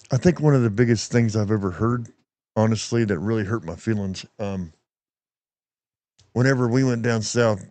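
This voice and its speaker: A man's voice: lowish voice, darkish tone, no echo. Folksy middle-aged man hosting a podcast. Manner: folksy, plain-spoken, acts out quoted voices. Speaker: podcast host. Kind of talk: casual storytelling chat.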